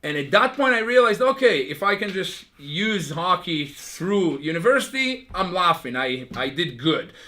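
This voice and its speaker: A man, telling his life story in a casual interview with an animated, chatty manner. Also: sits high, normal speed, hardly any pauses. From Israel. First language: Hebrew. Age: 30s. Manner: animated, chatty, with frequent fillers.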